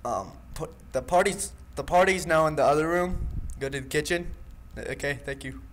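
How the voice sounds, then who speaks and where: A gaming YouTuber plays a horror game with a desk microphone, jumpy and jokey as he nervously talks to the animatronic monsters on screen in his let's play commentary. His voice is a little high at a moderate pace, with slight background noise.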